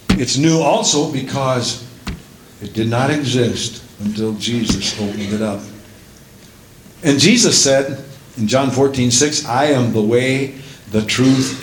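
A man preaching a sermon as a pastor, breaking often into praise and hallelujahs and building up to shouting at the climaxes. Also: medium pitch, roomy sound, a little hiss or hum, low-quality recording.

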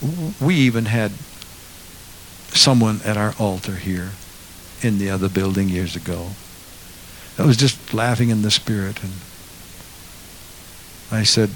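Guy preaching a sermon, gets loud and fired up then drops quiet, slight hiss on the recording. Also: fairly low pitch, unhurried, long pauses. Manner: swings from quiet asides to loud impassioned preaching. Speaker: pastor.

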